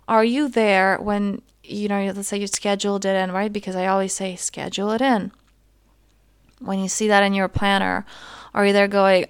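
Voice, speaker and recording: Woman in her 30s coaching on her podcast, gentle and earnest, very dry close sound. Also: mid-range voice, creaky, no room sound. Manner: gentle, earnest, talks through examples. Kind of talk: casual self-help monologue.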